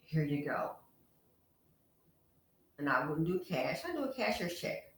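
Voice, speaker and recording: A woman hosts a casual commentary vlog in a fairly low voice. She talks frankly and chattily, speaking straight to the women watching. Her voice rings in a roomy, echoey space. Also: big pitch swings, measured pace. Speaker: channel host. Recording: echoey room.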